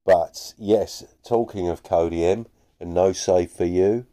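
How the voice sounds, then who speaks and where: A man's voice: sits low, unhurried, mellow. A man hosting a podcast, chatting casually and a bit self-deprecatingly about listener messages. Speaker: podcast host.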